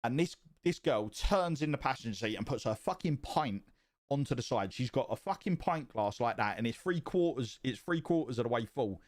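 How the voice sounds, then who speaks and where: A man casually telling a story on his stream, swearing often and getting more and more animated. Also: mid-range voice, moderate pace. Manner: profane and animated, rising excitement.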